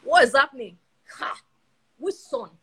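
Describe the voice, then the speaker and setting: A woman's voice: a little high, lively intonation, slightly rough. A woman voicing an indignant older brother. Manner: exasperated, quick exclamations. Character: indignant older brother, resentful grown man.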